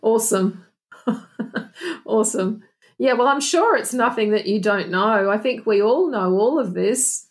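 A woman's voice: fairly high pitch, expressive, normal speed, few pauses. A woman guest, a past life regression therapist, speaking earnestly and reflectively in a casual interview, often restarting her sentences. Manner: earnest, reflective, with frequent restarts and "you know".

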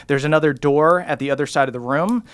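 A man as game master, narrating a tabletop game in a relaxed, descriptive way. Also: fairly high pitch, fast, clean tone, no echo.

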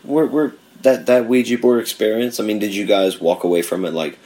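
Podcast host, woman, extremely low pitch, teasing, foul-mouthed banter. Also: fairly even intonation, a little fast, mellow. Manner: joking, teasing, swears a lot, butts in with quips. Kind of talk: casual chat.

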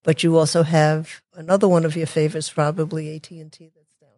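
A woman talking as a guest in a casual interview, chatty and quick to restart her sentences, with sarcastic asides. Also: deep voice, little pitch movement, darkish tone, no echo. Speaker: guest, technology consultant.

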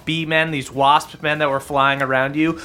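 Bright-voiced male game master. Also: on the high side, normal speed, clear, resonant tone, soft background music. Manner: relaxed, laughing, filler-heavy narration. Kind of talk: narrating a tabletop game.

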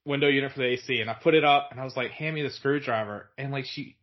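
A man's voice: medium pitch, fairly even intonation, racing, lo-fi sound. A young man from Virginia, a podcast guest, telling stories in a rambling way with lots of filler words. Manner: rambling, many "like" fillers, laughs through stories. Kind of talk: casual storytelling chat.

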